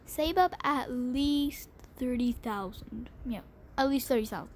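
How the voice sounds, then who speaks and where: Excitable high-voiced woman gaming vlogger. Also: a little slow, slight background noise. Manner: excitable, gushing, mock-dramatic complaining. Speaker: gaming channel host. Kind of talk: casual game tutorial chat.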